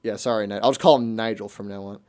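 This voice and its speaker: A man's voice: on the low side, steady tone, fast, darkish tone. A young American man hosting a radio show, chatting casually and rambling with lots of restarts. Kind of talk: casual chat.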